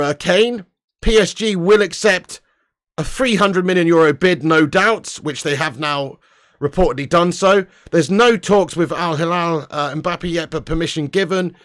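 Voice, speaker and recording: A man hosting a casual live football show with a high-pitched voice. He talks in loose, slangy banter, curses freely, laughs often and answers viewer comments as he goes. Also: fairly bright tone. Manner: chatty, swears and laughs, reads viewer comments. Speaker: football channel host.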